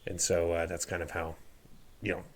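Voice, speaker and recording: A man's voice: deep voice, completely flat delivery, moderate pace. A young man co-hosting a casual podcast, speaking hesitantly with many fillers. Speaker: podcast co-host.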